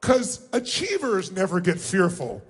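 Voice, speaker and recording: A middle-aged man giving a live motivational seminar in a large arena, booming and commanding, calling out for the audience to answer back. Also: big pitch swings, a little slow, husky. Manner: booming, commanding, calls for crowd responses. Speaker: motivational speaker.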